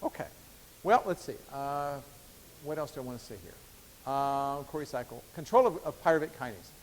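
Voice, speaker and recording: A man's voice: mid-range voice, animated, normal speed. A man giving a university biochemistry lecture in a conversational way, with fillers and restarts. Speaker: biochemistry professor. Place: lecture hall. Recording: echoey lecture hall.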